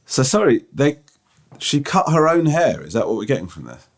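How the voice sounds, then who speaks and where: A man co-hosting a podcast in casual chat, who reads listener emails aloud and tells self-mocking stories with halting restarts. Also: mid-range voice, sing-song. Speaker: podcast co-host.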